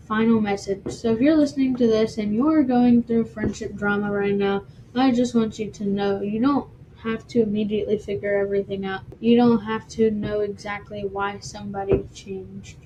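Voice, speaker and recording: A woman's voice: mid-range voice, highs cut off, background noise. A woman hosting her own podcast, talking through a personal story in a heartfelt, self-described dramatic way. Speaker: podcast host. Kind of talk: solo podcast monologue.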